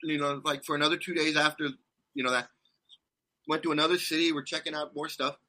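A man's voice: on the high side, flat delivery, quick pace, sharp tone. A man telling a rambling travel story in casual chat, laughing often and restarting his sentences. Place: condo abroad.

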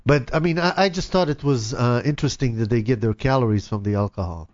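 A man's voice: medium pitch, fast, darkish tone, no echo. A man in casual conversation, laid-back and agreeable, often backing up the other speaker. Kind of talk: casual chat. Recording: dull lo-fi dry recording.

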